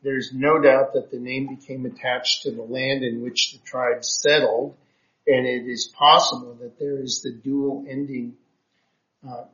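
A man's voice: mid-range voice, level tone, a little slow, fairly bright tone. A man teaching a Bible class, reading verses aloud and explaining them with frequent hesitations. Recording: roomy, dull lo-fi classroom recording.

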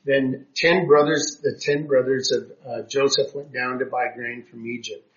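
A man's voice: medium pitch, steady tone, moderate pace, a bit bright. A man teaching a Bible class, reading verses aloud and explaining them with frequent hesitations. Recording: roomy, dull lo-fi classroom recording.

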